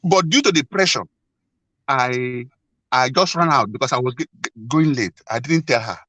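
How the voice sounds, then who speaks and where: A man earnestly telling a personal story as a guest, halting and repeating himself often. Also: mid-range voice, pushed and bright, dry recording, poor audio. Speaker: guest sharing a marriage problem.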